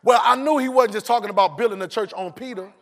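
Male preacher, AAVE, high voice, playful call-and-response, acts out lines. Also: fast talker, fairly bright tone, slight background noise. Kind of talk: sermon.

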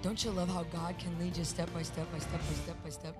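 A woman sharing a personal faith testimony, storytelling in an animated way and acting out the voices she quotes. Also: fairly low pitch, fairly quick, loud music behind the voice. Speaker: Christian speaker sharing a testimony.

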